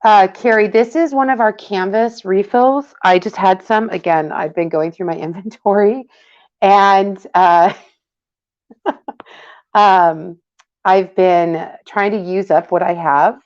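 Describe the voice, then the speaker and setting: A woman's voice: mid-range voice, slow pace, a little mellow. A woman casually demonstrating a craft project, chatty and greeting viewers by name as she works. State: hiccups. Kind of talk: casual live craft tutorial. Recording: dull lo-fi livestream audio.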